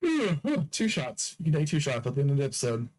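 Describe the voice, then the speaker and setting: A man's voice: mid-range voice, quick pace, darkish tone, poor audio. A man hosting a podcast, rambling through a casual solo sign-off, joking with and teasing his listeners and repeating phrases over and over. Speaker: podcast host.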